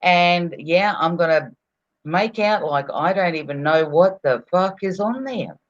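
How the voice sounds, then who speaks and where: A man's voice: sits high, lively intonation, unhurried. A man, a guest on a casual podcast chat, telling rambling stories and swearing freely. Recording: lo-fi call audio.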